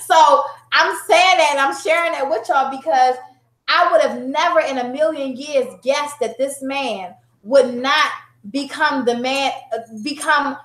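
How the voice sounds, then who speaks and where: A woman in her thirties candidly telling a personal story to an audience, animated and conversational, often laughing. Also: high-pitched, a little slow. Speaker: guest sharing a personal story. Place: room before a live audience. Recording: roomy, echoey room.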